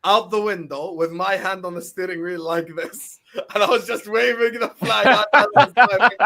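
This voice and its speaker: A man's voice: sits high, normal speed, creaky, no room sound. A man from Jordan co-hosting a football fan live stream, joking and laughing in casual banter. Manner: animated, joking, laughs often.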